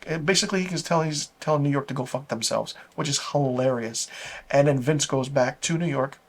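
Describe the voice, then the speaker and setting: A man with a mid-range voice hosts a casual video review channel, talking through a TV episode in a loose, rambling way. He's enthusiastic and fairly quick, stringing thoughts together with fillers.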